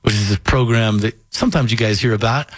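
Animated Southern radio storyteller, man. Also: on the low side, quick pace, dry recording. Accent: faint Southern. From Kentucky. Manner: animated storyteller, acts out voices. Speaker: radio host. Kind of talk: casual radio chat, storytelling.

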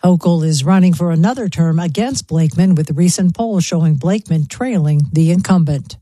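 A woman reading a radio news bulletin in a crisp, measured way. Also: lowish voice, dark tone, no room sound. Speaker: newsreader.

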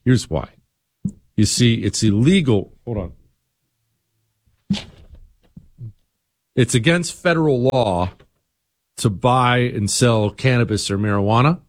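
A man's voice: medium pitch, slow, long pauses, no room sound, studio quality. A middle-aged man hosting a talk radio show, sarcastic and teasing in his asides.

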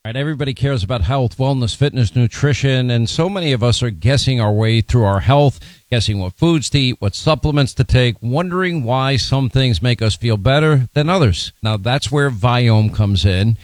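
A man reading a sponsor ad in a brisk, conversational way. The recording is dry, with no room sound. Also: mid-range voice, darkish tone, dry recording. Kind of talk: sponsor ad read.

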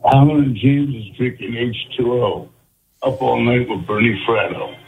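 A man calling into a sports radio show, an excitable fan. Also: medium pitch, moderate pace, phone-quality sound, a little hiss or hum. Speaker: radio caller. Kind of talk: call-in talk radio.

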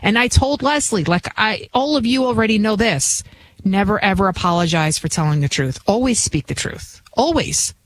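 A woman's voice: mid-range voice, animated, normal speed, a little hiss or hum. A woman from the Bronx with a New York accent, hosting a talk radio show in a chatty, rambling, emphatic monologue. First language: not English. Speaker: guest radio host.

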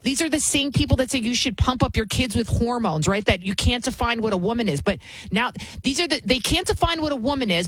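A woman hosting a talk show delivers indignant, emphatic opinionated commentary, often repeating phrases for effect. Her voice is mid-range, and the recording is rough but has no echo.

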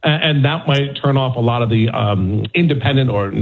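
A man's voice: medium pitch, normal speed. A man, a national correspondent, giving conversational political analysis with frequent fillers and restarts. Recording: tinny phone line.

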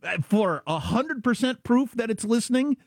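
A middle-aged man from Kansas, chatting casually as an animated storyteller with quick asides. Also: very high-pitched, slightly rough, no echo, studio quality. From Kansas, USA. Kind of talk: casual chat.

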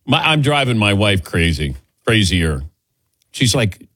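A man's voice: on the low side, sing-song, measured pace, a bit bright, no room sound. An older man hosting a call-in sports show, his voice rising and falling a lot as he chats and chuckles. He sounds close and dry, with no room around him. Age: 60s. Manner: chatty, laughs often, takes calls. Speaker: sports radio host. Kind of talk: casual call-in radio chat.

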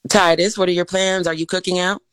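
A woman's voice: on the low side, little pitch movement, fairly quick, smooth, dry recording. Cheerful woman presenting a morning segment. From Chicago suburbs. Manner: cheerful, laughs often. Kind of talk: casual morning show banter.

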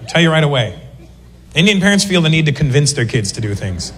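Guy doing standup on stage, mimics people, voice kinda high, crowd room hum behind. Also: animated, very fast, a bit bright. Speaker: stand-up comedian. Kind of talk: live stand-up routine. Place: live comedy venue. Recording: long hall reverb, clear ambient noise.

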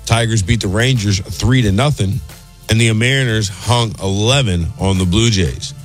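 A man reading a sports news update on radio in a brisk, even newsreader manner. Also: lowish voice, soft background music. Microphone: studio mic.

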